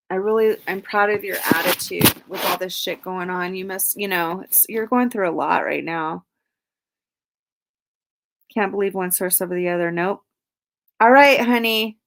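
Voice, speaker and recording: A woman hosting a late-night livestream, chatting casually with viewers, reading out their comments and swearing freely. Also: medium pitch. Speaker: livestream host.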